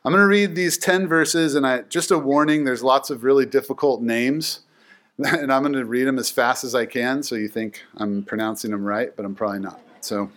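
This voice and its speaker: Male Bible teacher, casual and animated, filler-heavy storytelling. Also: medium pitch, normal speed.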